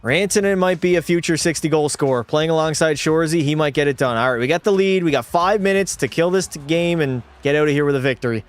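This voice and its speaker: Speaking fast with hardly a pause, a young man with a slightly high voice calls his hockey video game like an eager sportscaster. Soft music runs underneath as he curses freely and addresses his chat on stream.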